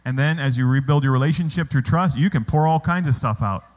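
Pastor, man, slightly high voice, preaching with rhetorical questions, long church reverb. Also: fairly quick, darkish tone. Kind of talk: sermon. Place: church hall.

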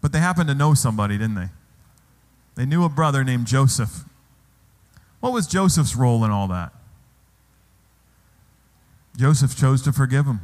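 A man's voice: medium pitch, lively intonation, normal speed, pauses often, darkish tone. A man preaching a sermon as pastor in a church, asking the congregation rhetorical questions. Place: church hall. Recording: long hall reverb.

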